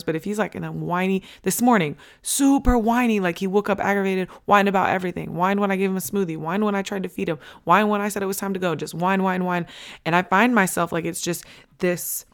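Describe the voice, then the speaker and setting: A woman hosting a podcast, talking candidly and bluntly, swearing casually and repeating points for emphasis. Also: on the low side. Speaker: podcast host. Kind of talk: candid motivational podcast talk.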